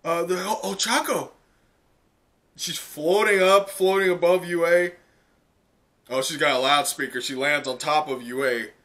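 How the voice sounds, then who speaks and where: A man reacting live to a comic chapter in casual, excited talk full of "like" and laughs. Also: a little high, unhurried, pauses often. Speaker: manga reaction streamer.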